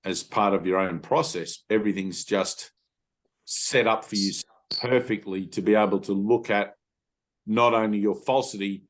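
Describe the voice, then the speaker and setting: A man leading a satsang, telling personal stories in a casual, animated way. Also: lowish voice, moderate pace. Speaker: spiritual teacher. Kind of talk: satsang talk.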